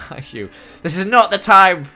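A young man giving excitable gameplay commentary as a gaming YouTuber, with dramatic exclamations and gasps. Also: high-pitched, unhurried, soft background music. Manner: animated, exclaims and gasps often, dramatic reactions.

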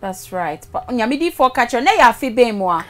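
A woman with a slightly high voice conducts a casual interview. She keeps the guest talking with brief questions and short affirmations. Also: very animated, moderate pace.

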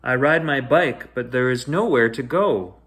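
A man reading a children's bedtime story aloud in a gentle, expressive way, with sing-song rises and hushed drops. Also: mid-range voice, measured pace.

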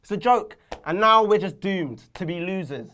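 Man, fan channel co-host, casual banter, bursts of comic shouted ranting. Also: sits high, animated, moderate pace, a little hiss or hum. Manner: mock-outraged rants, loud and theatrical. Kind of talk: casual chat.

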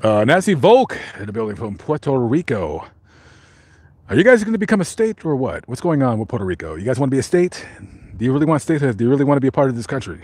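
A man's voice: mid-range voice, sing-song, quick pace, darkish tone, husky, no room sound. A man hosting a live stream, reading out viewer comments and joking in a rambling way with many fillers and restarts.

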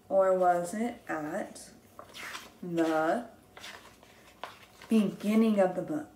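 Slow, expressive woman teacher reading aloud. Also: on the low side. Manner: slow, gentle and very expressive, with gasps and exaggerated excitement. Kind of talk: reading a picture book aloud to young children.

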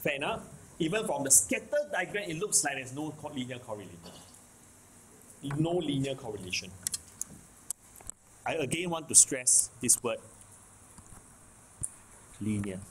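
A man's voice: on the high side, lively intonation, normal speed, pauses often, fairly bright tone, a little hiss or hum, poor audio. A man with a Singaporean English accent giving a math lecture, repeating key points and checking in with the class often. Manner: repetitive, keeps checking in with "okay? can?". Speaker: math teacher.

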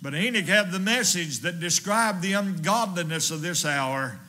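High, bright-voiced fervent evangelist. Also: male voice, moderate pace, a little hiss or hum. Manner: fervent preaching, pounding repetition. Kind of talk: sermon.

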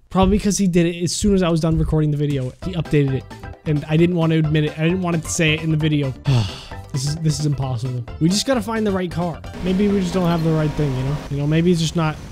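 A young man giving excitable gameplay commentary, laughing and talking to the characters on screen. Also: a little high. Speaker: gaming YouTuber. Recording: music playing behind.

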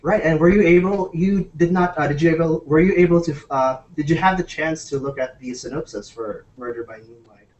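A man's voice: fairly high pitch, fairly quick, few pauses, a little mellow, recorded from a distance, dull audio, a little hiss or hum. A man hosting a casual video call interview, asking eager questions with many uhs. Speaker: host.

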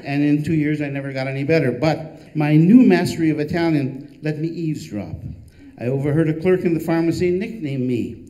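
Older man, author reading his memoir, wry deadpan humor, slightly high pitch, warm mellow tone. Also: brisk, rough recording. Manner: dry, wry delivery with deadpan punchlines.

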